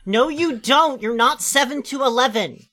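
Woman with a bright sharp voice, teasing and blunt. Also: high-pitched, normal speed. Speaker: podcast co-host. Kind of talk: casual comedic banter.

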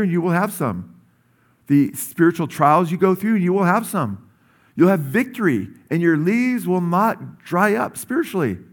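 A middle-aged male pastor giving a sermon in a conversational style, often asking "amen?" and rising in pitch and energy when he urges his listeners. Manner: conversational, with many asides and "amen?" checks; rises in pitch and energy when urging the congregation.

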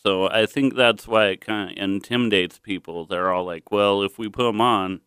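A man with a slight lisp, easygoing and laid-back as he chats on a comedy podcast. His voice is fairly low, yet bright and smooth, recorded close and dry. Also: fairly even intonation, normal speed, no room sound. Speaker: podcast guest. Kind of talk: casual chat.

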